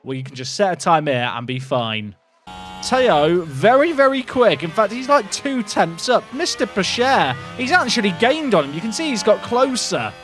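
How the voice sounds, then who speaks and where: Young male streamer, high-ish and very lively delivery, excitable running commentary over faint game music. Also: normal speed. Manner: excitable, chatty, talks to chat. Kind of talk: live gameplay commentary.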